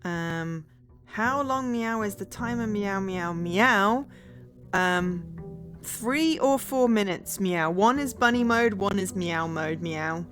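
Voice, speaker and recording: A woman streaming a puzzle game, tacking a meow onto nearly every phrase as a dare while she thinks aloud with many pauses, sounding tired late at night. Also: mid-range voice, expressive, faint music behind. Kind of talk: casual charity stream commentary.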